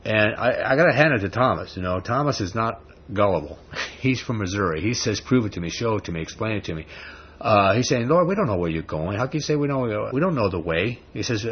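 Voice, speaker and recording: This preacher speaks in a lowish, lively voice at a brisk pace, keeping his sermon conversational while driving toward emphatic rhetorical questions. Faint background noise sits under a dull, lo-fi recording.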